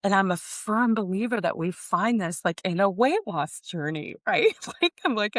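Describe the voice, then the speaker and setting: Effusive middle-aged woman, low voice. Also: normal speed, a bit bright, no echo, studio quality. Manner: emotional, effusive, addresses listeners as "you guys"; rambling with many "like" fillers and restarts. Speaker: podcast host. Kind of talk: casual personal monologue.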